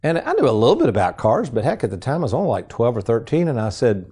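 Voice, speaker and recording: A middle-aged man hosting a financial radio show, telling folksy stories in a casual, animated way. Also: mid-range voice, quick pace, breathy edge. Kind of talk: casual radio chat and storytelling.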